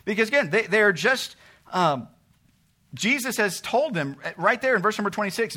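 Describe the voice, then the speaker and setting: A man preaching a sermon, asking rhetorical questions and swinging between loud emphasis and quiet asides. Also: sits high, expressive, moderate pace. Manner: asks rhetorical questions and acts out what people say to God.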